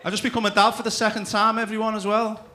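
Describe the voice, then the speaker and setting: A man's voice: high-pitched, flat delivery, quick pace, bright, forceful tone. A man doing a stand-up comedy routine, telling crude stories and throwing asides to the crowd. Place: comedy club stage.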